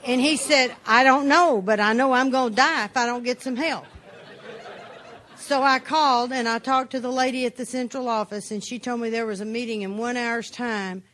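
A woman giving a personal testimony talk, telling her story bluntly and plainly with dry humor. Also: medium pitch. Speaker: speaker sharing her recovery story.

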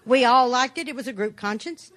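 This woman's fairly high, bright voice moves at a fairly quick pace as she shares her recovery story in a testimony talk. Her telling is plain and blunt, laced with dry humor.

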